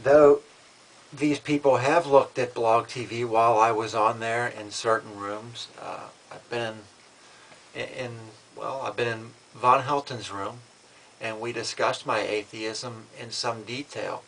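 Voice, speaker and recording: Man in a measured, defiant vlog rant. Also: mid-range voice, fairly even intonation, creaky, a bit bright, a little hiss or hum, poor audio. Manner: measured, matter-of-fact, defiant; frequent restarts and repeated words. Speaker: vlogger. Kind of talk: casual vlog monologue.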